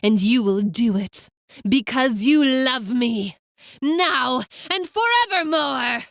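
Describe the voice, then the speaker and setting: A woman playing a seductive, domineering female villain who speaks slowly and hypnotically. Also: sits high, lively intonation, fairly bright tone, no room sound, studio quality, voice pushed up, full character voice. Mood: commanding. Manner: slow, hypnotic, commanding.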